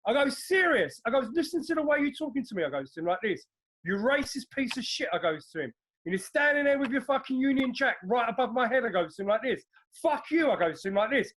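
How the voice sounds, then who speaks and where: A man's voice: very high-pitched, very animated, fast, hardly any pauses, a bit bright. A man telling a blunt, sweary story in casual podcast talk. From Turkish background. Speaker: podcast co-host.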